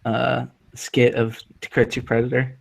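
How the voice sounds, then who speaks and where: A man's voice: medium pitch, completely flat delivery, unhurried, vocal fry. A young man chatting casually in an online lobby, making crude jokes and swearing. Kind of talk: casual chat.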